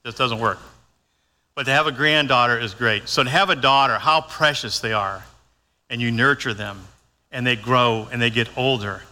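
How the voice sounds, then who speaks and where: A man's voice: medium pitch, moderate pace, pushed and bright. An older man preaching a sermon in a folksy, conversational way, acting out his own lines as he goes. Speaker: pastor. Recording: long hall reverb.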